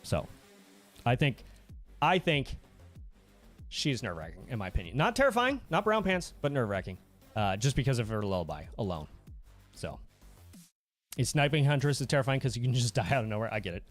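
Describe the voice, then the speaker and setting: A man hosts a casual livestream from a desk mic at home, goofy and quick to laugh as he answers his viewers. His pitch swings widely from line to line. Soft music plays faintly behind him. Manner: goofy, animated, reads chat aloud and laughs often. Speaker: livestream host.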